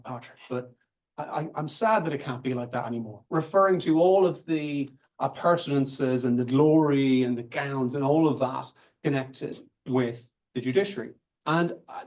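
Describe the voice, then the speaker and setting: A man's voice: mid-range voice, a little mellow. A man giving an academic seminar talk in a conversational way, thinking aloud and restarting phrases as he goes. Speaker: invited academic speaker. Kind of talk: academic lecture, loosely following slides.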